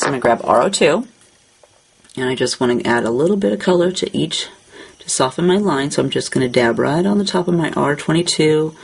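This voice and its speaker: Husky woman talking through a craft demo. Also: very deep voice, poor audio. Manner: relaxed, narrates each hand movement as she works. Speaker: craft tutorial host. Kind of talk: step-by-step coloring tutorial.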